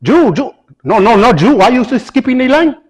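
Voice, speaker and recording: Man putting on grumpy old coffee shop guy, high voice, swings all over, scolding. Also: very animated, fairly quick, husky, heavily acted. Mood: impatient. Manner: brusque, scolding, broken English. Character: impatient old male coffee shop worker. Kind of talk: comedy sketch.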